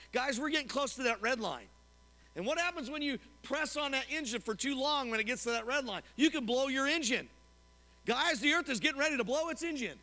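A man preaching a sermon as pastor to his congregation, animated and often asking them questions. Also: extremely high pitch. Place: church sanctuary. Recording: long hall reverb.

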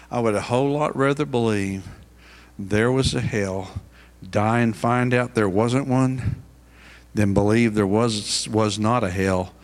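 A man's voice: mid-range voice, unhurried. A middle-aged male pastor preaching a sermon, pressing his points with rising, emphatic questions.

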